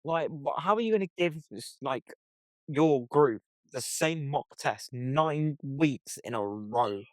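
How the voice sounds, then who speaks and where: A young man co-hosting a podcast in casual chat, excitable and swearing a lot. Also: mid-range voice, takes it slowly, dry recording. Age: young adult. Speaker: podcast co-host.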